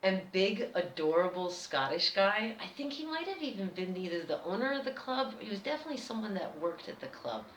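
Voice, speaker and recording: A woman with an American accent telling a personal story as a vlogger, animated and chatty. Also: mid-range voice, a little fast, hardly any pauses, a little hiss or hum. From United States. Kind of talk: casual storytelling. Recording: roomy echo.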